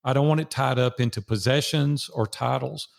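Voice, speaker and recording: An older man with a Southern drawl talks through a personal story as a podcast guest. His voice carries a gravelly edge, and he leans on repetition to drive points home. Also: medium pitch, normal speed. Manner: earnest, repeats phrases for emphasis. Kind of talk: casual storytelling interview.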